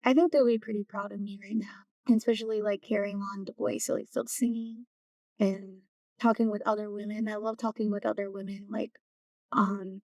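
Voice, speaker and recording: A woman, a community knowledge keeper, speaking softly in an interview and searching for her words. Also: medium pitch, flat delivery, fairly quick, no room sound. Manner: soft-spoken, searching for words. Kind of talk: casual interview talk. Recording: distant mic, dry room.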